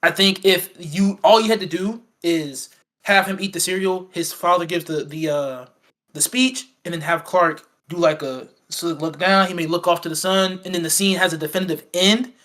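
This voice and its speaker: A man's voice: high-pitched, fairly even intonation, moderate pace, fairly bright tone. A man co-hosting a casual film review chat, rambling and acting out quoted lines with many fillers and restarts. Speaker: podcast co-host.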